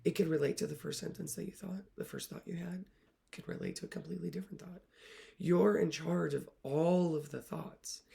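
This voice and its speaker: Gravelly, soft-spoken woman coach. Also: deep voice. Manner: soft-spoken, often dropping to a whisper; earnest and emotional. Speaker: literacy coach. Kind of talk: reflective talk to camera.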